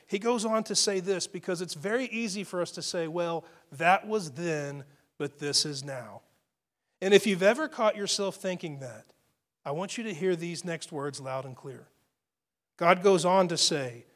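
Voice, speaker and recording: A male pastor delivering a sermon in a high, bright-pitched voice. He speaks earnestly to his congregation, building to emphatic swells and then falling back to soft, quiet asides. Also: expressive, moderate pace.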